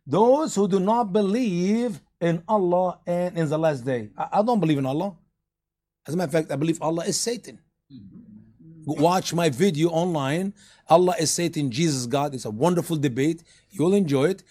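A man teaching a church study group, emphatic and sarcastic, pushing his voice up into loud peaks. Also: a little high, moderate pace.

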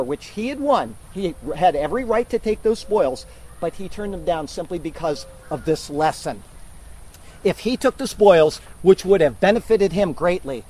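A man's voice: a little high, warm tone, poor audio. A man preaching an emphatic sermon, teaching verse by verse to his congregation. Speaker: pastor.

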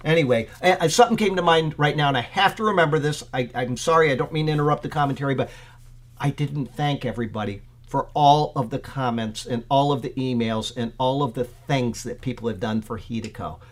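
A male pastor offers an offhand commentary on Scripture at a fairly quick clip, his voice medium in pitch. He leans on many fillers and grows excited while speaking.

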